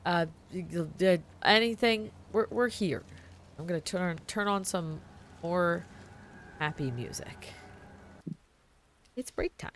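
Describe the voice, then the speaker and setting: A woman's voice: fairly low pitch, takes it slowly, pauses often, slight background noise. A woman player co-hosting a tabletop game stream, chatting casually with many ums and restarts. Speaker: player and co-host. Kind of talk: casual chat.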